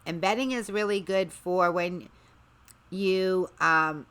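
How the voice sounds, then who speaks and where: A woman's voice: on the low side, takes it slowly, fairly bright tone, clean tone. A woman hosting a livestream, chatting casually in a rambling way with sarcastic asides. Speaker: livestream host.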